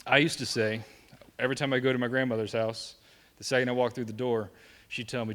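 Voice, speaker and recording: A man's voice: mid-range voice, level tone, fast talker, a bit bright. A young man with a Southern accent gives a live safety presentation, joking with the crowd and checking in with "right?". His voice sits in an ordinary middle register. A long reverb from the large hall trails behind his words. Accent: Southern American. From American South. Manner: joking, conversational, asks the room "right?".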